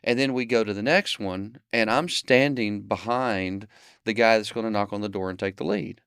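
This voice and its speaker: A man's voice: on the low side, normal speed, gravelly, clean tone, no room sound. Dry-sounding man telling a story. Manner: animated storyteller acting out dialogue. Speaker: podcast host. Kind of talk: storytelling anecdote, then closing wrap-up.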